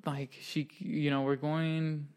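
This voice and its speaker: Young man with a gravelly, slightly high voice. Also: flat delivery, slow, darkish tone. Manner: rambling and self-conscious, full of "like" and "dude". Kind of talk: casual chat.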